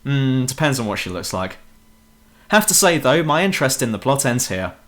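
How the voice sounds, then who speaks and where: Brief: young British guy ranting about a game, sarcastic and sweary, animated intonation, home-mic voice-over. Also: medium pitch, normal speed. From Britain. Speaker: game reviewer. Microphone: home computer mic.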